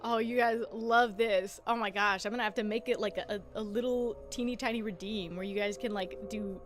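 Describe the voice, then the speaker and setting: This is casual gaming live-stream chat from a woman who giggles a lot and fumbles tongue twisters in a playful way. Her medium-pitched voice keeps a fairly even intonation and runs a little fast, and music plays behind her.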